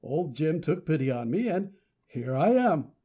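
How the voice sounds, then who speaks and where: A man's voice: a little high, big pitch swings, a little slow, mellow, slightly rough, heavily acted. A man voicing a cheerful teenage schoolboy in a breezy, joking manner for an audiobook. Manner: breezy, jokey. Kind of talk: full-cast audiobook reading.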